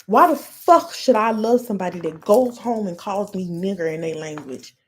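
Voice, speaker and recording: A woman's voice: mid-range voice, expressive, normal speed. An American woman hosting a podcast, delivering a heated, profane solo rant with blunt emphasis. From United States. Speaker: podcast host.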